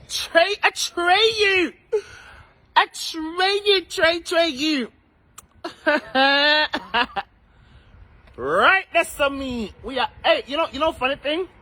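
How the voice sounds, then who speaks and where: A man's voice: sits high, sharp tone. A man with a Jamaican accent chatting on a live stream from outdoors, playful and theatrical, greeting viewers by name and repeating phrases in a sing-song way. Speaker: vlogger doing a live stream. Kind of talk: casual live-stream chat. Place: outdoors in the rain.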